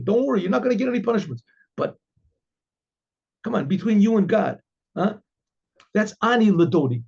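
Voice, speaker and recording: A man's voice: sits high, a little mellow, slightly rough. A man, a rabbi, teaching an informal Torah class in a chatty way, playing both sides of an inner dialogue and reading Hebrew lines before translating them. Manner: repeats and restarts phrases, reads Hebrew then translates. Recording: dull lo-fi recording.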